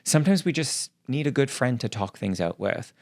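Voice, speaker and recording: A man's voice: medium pitch, lively intonation, moderate pace, a little mellow, no echo, clean studio sound. A young man co-hosting a casual podcast, teasing his partner and leading into segments. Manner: teasing and goofy. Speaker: podcast co-host.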